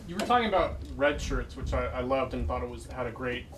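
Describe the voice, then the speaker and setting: A man's voice: mid-range voice, expressive, quick pace, fairly bright tone. A man in the audience at a bookstore event asking the author a question, hesitant and searching for words. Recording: distant, with clear background hiss.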